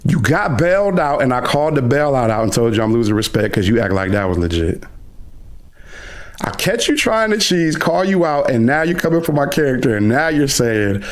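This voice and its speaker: A middle-aged man, a gaming streamer, delivering a loud, aggressive trash-talking rant on a live reaction stream. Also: mid-range voice, sing-song, brisk. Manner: loud, aggressive trash talk, calls the other player "son".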